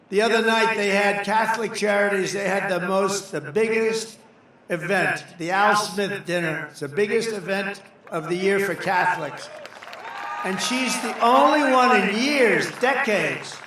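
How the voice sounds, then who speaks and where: Male political candidate at a rally, higher pitch, bright forceful tone, loose repetitive delivery, heavy venue echo. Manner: rambling, repeats phrases for emphasis. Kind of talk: off-the-cuff rally speech. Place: large rally venue with a crowd. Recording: very echoey venue with crowd noise.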